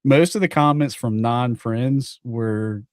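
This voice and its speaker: A man's voice: mid-range voice, slow pace, a little mellow. A man as a guest on a gaming podcast, talking casually and rambling through his stories. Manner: rambling, restarts mid-sentence. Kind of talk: casual chat.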